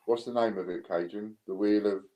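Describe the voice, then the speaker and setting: A British man hosting a casual live stream, relaxed as he counts down bids. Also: fairly low pitch, brisk, low-quality recording. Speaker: live stream host running coin auctions.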